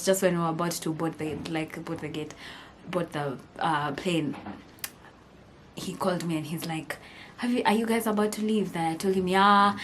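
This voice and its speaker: A young woman with a Kenyan accent telling a storytime vlog, animated and laughing as she mixes English with Swahili slang. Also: fairly low pitch, a little hiss or hum. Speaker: vlogger.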